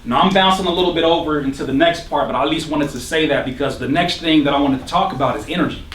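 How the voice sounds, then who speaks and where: Energetic man preaching to a live room. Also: a little high, fast talker, a little hiss or hum. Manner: energetic, preachy, questions the crowd, jokes and laughs. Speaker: motivational speaker at a producer workshop. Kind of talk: live motivational talk to an audience. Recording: roomy hall, speaker far from the mic.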